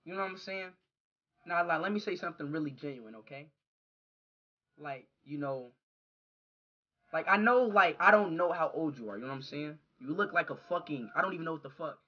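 A man live streaming who reacts loudly to a talking app, yelling, cursing and talking in slang. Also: fairly high pitch, brisk, long pauses, dull audio.

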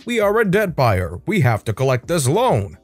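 A man voicing a stubborn male debt collector on the phone, repeating one stock polite question over and over. The pitch sits a little high and swings freely, and faint music plays underneath. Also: wildly swooping pitch, moderate pace, slightly rough, no room sound, full character voice. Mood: dogged. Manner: repetitive, scripted phone politeness. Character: male debt collector call-center operator, persistent.

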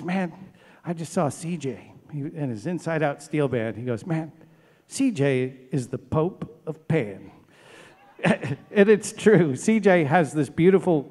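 A man's voice: fairly high pitch, big-room sound. A man, director of a steel band, giving heartfelt thank-yous to a live concert audience from an outdoor stage. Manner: emotional, warm thanks, chokes up.

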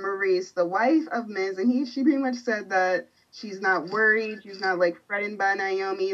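A woman joining a podcast as a guest, telling stories quickly with lots of "like"s. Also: mid-range voice, highs cut off. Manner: rapid storytelling with many "like"s. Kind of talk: casual chat.

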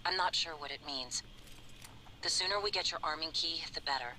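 A calm, bright robot operator. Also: female voice, deep voice, slight background noise, low-quality recording. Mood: matter-of-fact. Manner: measured, explanatory, matter-of-fact. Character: calm female operator robot aiding the player. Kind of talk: video game voice acting.

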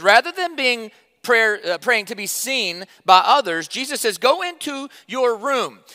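A man preaching a sermon to his church, conversational and emphatic, with sudden loud stresses and quiet drops. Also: sits high, long reverb tail. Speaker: pastor.

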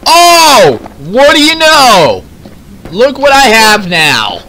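A man chatting over voice chat during a co-op game, playful and teasing, fond of bad puns. His voice is gravelly and bright, and he talks slowly, letting the words drag out. His pitch leaps all over the place as he goofs around. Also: wildly swooping pitch, a little hiss or hum, poor audio. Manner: teasing, joking, loves puns. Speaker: co-op gamer. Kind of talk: casual gaming chat over voice chat.

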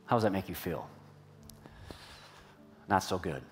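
A man's voice: low voice, lively intonation, a little slow, faint music behind. A man preaching a sermon in a church, telling a personal story and asking the congregation questions in a conversational way. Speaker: pastor.

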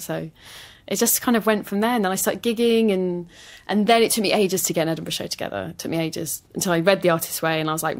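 A woman's voice: medium pitch, quick pace. A woman comedian telling her story in an interview, self-deprecating and candid, swearing now and then. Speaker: comedian guest.

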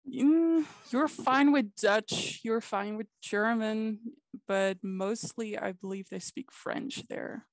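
Creaky-voiced woman guest on a podcast. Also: a little high, slow pace, no room sound. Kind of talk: casual podcast chat.

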